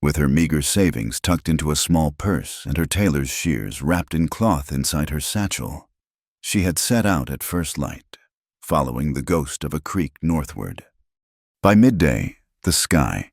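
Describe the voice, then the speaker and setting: A man narrating a scripted western tale in a measured, dramatic reading style. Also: extremely low pitch, vocal fry, darkish tone, dry recording, studio quality.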